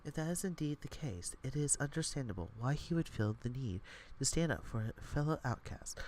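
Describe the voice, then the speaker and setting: A man doing a hushed, solemn monk. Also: medium pitch, lively intonation, a little hiss or hum, natural voice, poor audio. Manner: hushed, measured, lecturing. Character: grave solemn monk, male.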